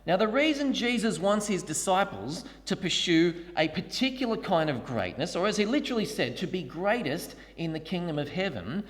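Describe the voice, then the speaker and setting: A lively male preacher delivers a sermon with a high, animated voice. The long reverb of a church hall trails behind every phrase. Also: moderate pace, hardly any pauses. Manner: storytelling, acts out voices in quotes. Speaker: pastor.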